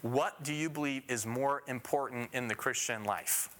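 A man's voice: medium pitch, normal speed, a bit bright, a little hiss or hum. A man teaching a Bible passage verse by verse. He emphasizes key phrases and puts questions to his listeners before answering them himself.

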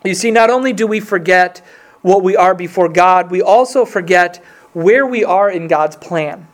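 A man's voice: high-pitched, normal speed. A man preaching a sermon in an earnest, conversational way, reading scripture aloud with emphasis. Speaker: pastor.

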